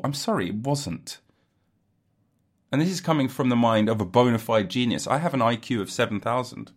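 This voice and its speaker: A man's voice: medium pitch, slightly rough. A man ranting casually to his audience, sarcastic and sweary with mock outrage. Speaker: solo commentator. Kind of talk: rambling sarcastic rant.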